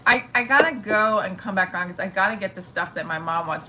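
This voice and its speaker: Woman, comedian, casual livestream chat, frank, rambling, mid-pitched, faint noise behind. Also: normal speed, long pauses, pushed and bright, rough recording. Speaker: stand-up comedian. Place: at home.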